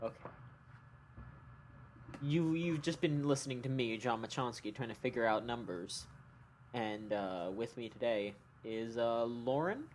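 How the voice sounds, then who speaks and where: A man hosting a casual podcast chat, excitable and jokey, stumbling over his words often. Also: mid-range voice, measured pace, a little hiss or hum. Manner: hyped, jokey, restarts often. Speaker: podcast host.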